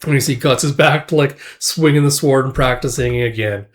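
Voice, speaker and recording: A man casually retelling a comic book out loud, chatty, with laughing asides. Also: mid-range voice, a little fast. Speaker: host. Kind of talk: casual manga read-through.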